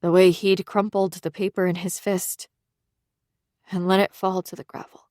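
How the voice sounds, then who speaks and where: A woman narrating a thriller audiobook in the first person, in a measured, subdued reading. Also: lowish voice, flat delivery, a little mellow, no echo, studio quality.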